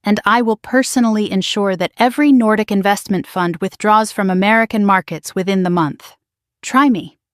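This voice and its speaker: A woman narrator voicing a stern, cool-headed male executive who speaks quietly and firmly. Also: mid-range voice, moderate pace, dry recording, clean studio sound, lightly acted. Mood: threatening. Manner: quiet, firm and cutting.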